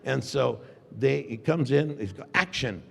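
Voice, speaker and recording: An older man telling an animated anecdote on a convention panel, acting out dialogue and laughing often. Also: mid-range voice, measured pace, vocal fry, slightly rough. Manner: acts out dialogue with shifting voices, laughs often. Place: large convention hall. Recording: long hall reverb.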